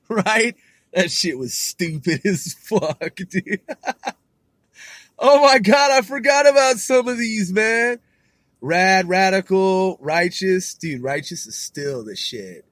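Here a man with a high, a bit bright voice hosts a podcast, heard on a dry recording. Hailing from California, he rambles casually in slang, swears plenty and laughs a lot throughout his monologue.

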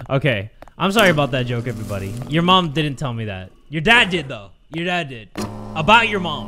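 A young man commentating a horror game, joking crudely and shouting in panic when chased. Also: on the high side, fairly quick, slight background noise. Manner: loud, excitable, crude jokes, shouting in panic. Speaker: gaming YouTuber.

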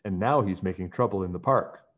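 A man's voice: low-pitched, brisk. A nervous young girl babbles on anxiously. A man puts her on in a lifted voice for a storybook. The sound is dull and lo-fi.

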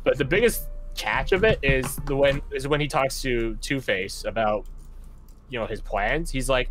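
A man's voice: mid-range voice, normal speed, soft background music. A young man acting as game master, chatting casually and with lots of energy, laughing between lines. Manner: animated, laughing, lots of fillers. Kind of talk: casual tabletop game chat.

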